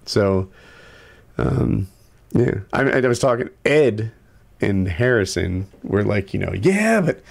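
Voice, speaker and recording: A man's voice: fairly low pitch, takes it slowly, vocal fry, pauses often. A man telling a long story in casual conversation, rambling and profane, with lots of restarts.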